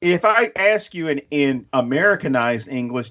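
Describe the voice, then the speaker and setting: A man co-hosting a podcast, telling stories in a profane, animated way and acting out quotes. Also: fairly high pitch, normal speed, dull audio. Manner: acts out quotes in other voices. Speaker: podcast co-host. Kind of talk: casual chat.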